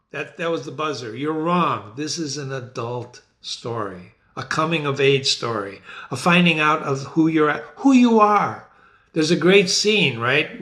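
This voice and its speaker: A middle-aged man hosting his own literature channel, talking to viewers with theatrical enthusiasm. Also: on the high side. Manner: animated, theatrical, addresses viewers as ladies and gentlemen. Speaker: literature teacher and website host. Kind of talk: enthusiastic talk to camera.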